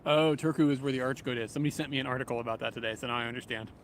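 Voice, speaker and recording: A man's voice: mid-range voice, racing. A man livestreaming while walking outdoors in a city, chatting casually with viewers and chuckling often, recorded on a small camera-mounted mic. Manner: relaxed, rambling, chuckles often. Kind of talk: casual livestream chat, reading viewer comments. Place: outdoors in a city, near train tracks. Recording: outdoor street and train noise. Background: passing vehicles and trains.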